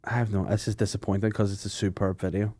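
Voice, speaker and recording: A man's voice: on the low side, level tone, fast, mellow, no echo, studio quality. A man co-hosting a podcast, blunt and sweary, laughing often in casual banter. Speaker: podcast co-host.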